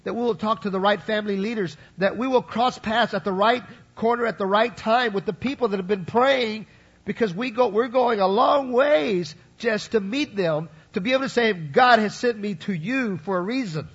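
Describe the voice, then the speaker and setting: A man's voice: high voice, normal speed, slightly rough, dull audio. A man preaching a sermon to his congregation in a conversational way, checking in with asides to the listeners. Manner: conversational preaching, frequent "right?" and "you follow?" asides. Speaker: pastor.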